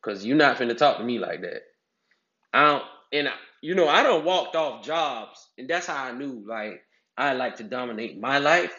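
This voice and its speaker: A man's voice: mid-range voice, expressive, moderate pace, pushed and bright. A man, giving casual advice and acting out other people's voices with big swings. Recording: echoey, slightly dull sound.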